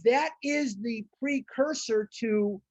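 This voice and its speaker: Woman, recovery study leader, emphatic repeats, unhurried delivery, dry close sound. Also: on the high side, a little mellow, dry recording. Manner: emphatic, repeats phrases for stress. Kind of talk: reading aloud and commenting on a recovery book. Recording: dull, muffled audio.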